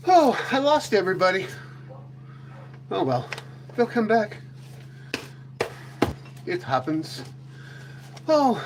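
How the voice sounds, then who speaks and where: A man chats loosely with viewers, drifting from topic to topic with jokes and casual swearing. His voice sits somewhat high for a man. A faint ambient noise runs under the recording. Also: big pitch swings, slow, long pauses. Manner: rambling, joking, frequent mild swearing. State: a little out of breath after chasing goats. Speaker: streamer chatting with viewers. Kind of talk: casual live-stream chat.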